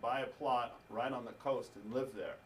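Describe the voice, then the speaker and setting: A man preaching to a congregation, telling a story with laughter and lively asides. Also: medium pitch, normal speed, far from the mic, slight background noise, low-quality recording. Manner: animated storytelling with laughter and acted quotes. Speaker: pastor. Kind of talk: sermon storytelling.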